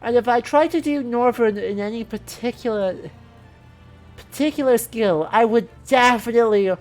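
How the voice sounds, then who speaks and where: A woman's voice: a little high, normal speed, a little mellow, soft background music. Chatty woman streaming a game. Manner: chatty, rambling, self-correcting. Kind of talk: casual gaming stream commentary.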